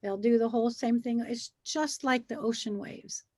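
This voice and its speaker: A woman's voice: on the high side, moderate pace, no echo, studio quality. A woman in a casual chat about feelings, talking animatedly and acting out the way she speaks to children. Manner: animated, acts out what she says to children.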